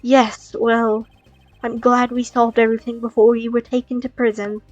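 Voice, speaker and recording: Calm formal male prosecutor voiced by a woman, measured delivery, slightly high, muffled dry sound. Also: dry recording, soft background music, close to an everyday voice. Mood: stern. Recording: dull dry lo-fi recording.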